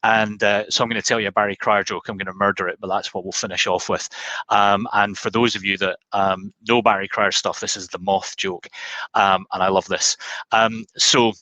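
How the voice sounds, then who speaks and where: Man, webinar host, chatty, self-deprecating, fairly low, bright tone. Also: flat delivery, normal speed, no echo, low-quality recording. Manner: chatty, self-deprecating, lots of ums and uhs. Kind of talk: casual joke-telling and sign-off.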